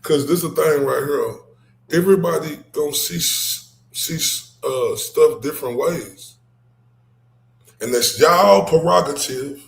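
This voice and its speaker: Man hosting a livestream, gravelly, mid-pitched, loose and talky, roomy echo. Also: a little slow. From Dallas, Texas. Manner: animated, repeats "right?" and laughs often. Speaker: livestream host. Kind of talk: casual livestream chat.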